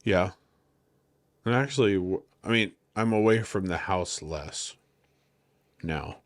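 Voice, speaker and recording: A man's voice: low-pitched, takes it slowly. A man co-hosting a casual podcast chat, joking around and teasing his partner. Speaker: podcast co-host.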